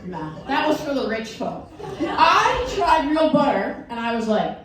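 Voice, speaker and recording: Her voice sitting high and her pace a little slow, a middle-aged Wisconsin comic tells stories in a stand-up set, animatedly mocking people's voices. Audience laughter and crowd noise come through a roomy, distant mic at the venue.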